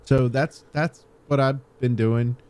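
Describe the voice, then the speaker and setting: Man gaming podcast co-host, medium pitch, halting and filler-heavy. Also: fairly even intonation, a little mellow, clean tone. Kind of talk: casual gaming chat.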